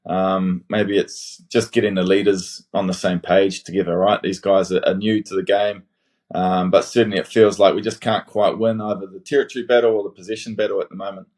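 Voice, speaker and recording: A man with a New Zealand accent, a guest former rugby player calling in, giving relaxed, hesitant analysis full of fillers. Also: low voice, a little fast. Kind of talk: casual podcast chat, calling in online.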